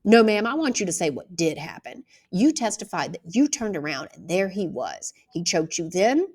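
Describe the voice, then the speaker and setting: A woman reading aloud, voicing a calm older male lawyer who asks measured, probing questions. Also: fairly low pitch, breathy edge.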